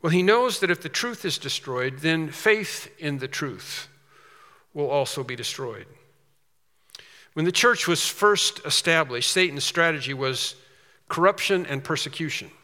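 Male pastor, earnest emphatic sermon delivery, bright ringing voice, church-hall echo. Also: on the high side, expressive, unhurried. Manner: earnest, emphatic preaching with rising stresses.

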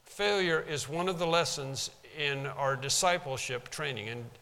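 A man's voice: on the high side, moderate pace, vocal fry, pushed and bright, long reverb tail. A man preaching a sermon as pastor from a pulpit, in an emphatic manner that stresses single words and sometimes pounds the pulpit. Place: church sanctuary.

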